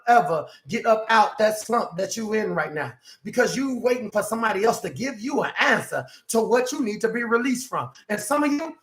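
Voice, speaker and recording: A man preaching as a self-empowerment life coach, emphatic and swinging from quiet asides to shouts, acting out quoted people. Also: high voice. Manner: acts out quoted speakers in exaggerated voices. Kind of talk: preaching motivational talk.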